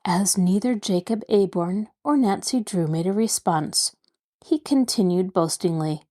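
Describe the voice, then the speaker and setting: A woman's voice: medium pitch, a little slow. Woman narrating a mystery audiobook. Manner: steady dramatic reading. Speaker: host and reader.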